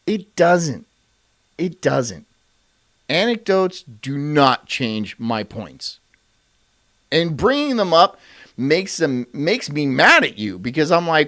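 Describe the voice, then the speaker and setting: Animated, profane male streamer. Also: sits high, a little slow. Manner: profane, incredulous, laughs often. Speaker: streamer host. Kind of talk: ranting commentary.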